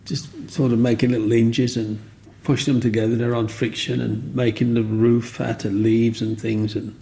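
An older man, telling stories from his life in an interview with lively energy. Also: mid-range voice, normal speed, vocal fry. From Black Country, England. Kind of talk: animated personal storytelling.

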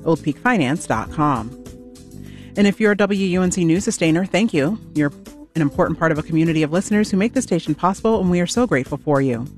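A radio station announcer reading sponsor credits and station messages in a smooth, even way. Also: medium pitch, fast, soft background music.

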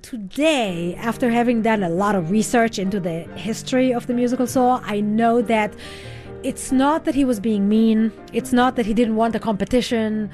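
A woman telling her own story in a radio interview, reflective and expressive, acting out the voices she quotes. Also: fairly high pitch, normal speed, soft background music. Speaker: interview guest, musician.

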